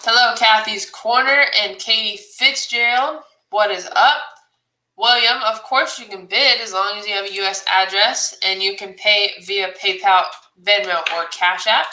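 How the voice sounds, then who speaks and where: A woman runs a live online auction, laughing easily as she reads out viewer comments and calls the bids. Her voice is very bright and ringing. The room around her has a noticeable echo. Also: mid-range voice. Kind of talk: live-stream auction chat. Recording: roomy echo.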